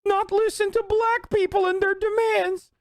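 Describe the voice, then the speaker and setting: A man mockingly voicing a nervous, stammering young man in a debate, high and quavering. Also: level tone, moderate pace, no echo, studio quality. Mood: nervous, whiny.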